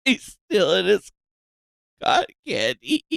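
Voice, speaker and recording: A man's voice: high-pitched, huge pitch swings, slow, gravelly, a bit bright, no echo, clean studio sound. A man streaming, reacting to clips in crude, loose, laughing talk. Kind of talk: casual reaction commentary.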